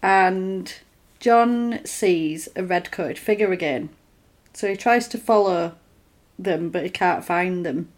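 A woman talks through a film's story in a relaxed, chatty way, the kind of easy back-and-forth a podcast host has with a friend. She keeps the telling lively and now and then slips into brief put-on voices for the characters. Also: lowish voice. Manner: animated retelling, acts out lines in quick put-on voices; conversational, with fillers and restarts. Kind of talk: casual film recap chat.

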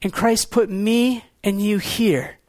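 High-voiced man preaching earnestly, dry sound. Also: steady tone, no room sound. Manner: earnest, shifts between quiet low lines and quick pointed rhetoric. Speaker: pastor. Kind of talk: sermon.

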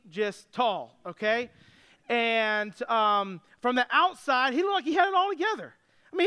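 A man preaching a sermon with a very high voice that is smooth and clear. He retells the story casually and breaks in with jokes, like a pastor talking to his church. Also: a bit bright. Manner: casual storytelling with joking asides.

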